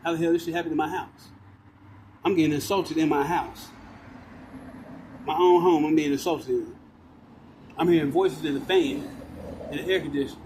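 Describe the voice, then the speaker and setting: A man's voice: a little high, fairly even intonation, normal speed, long pauses, a little mellow, slight background noise, poor audio. A man ranting into his phone outdoors, agitated, profane and repetitive. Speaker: vlogger ranting to camera. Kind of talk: rambling outdoor rant. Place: outdoors by walls and concrete.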